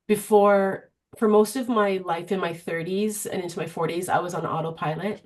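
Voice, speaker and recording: A middle-aged woman, a guest coach, talking in an animated, storytelling way during an interview. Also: fairly low pitch, normal speed. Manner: animated, storytelling, frequent restarts. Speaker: guest, vision board coach. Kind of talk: conversational interview.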